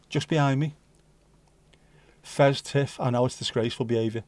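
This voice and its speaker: A man's voice: medium pitch, fairly even intonation, normal speed, a little mellow, no room sound. A man hosting a casual livestream, reading out viewer comments with jokey banter and slipping into bits of Dutch and Spanish. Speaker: livestream host.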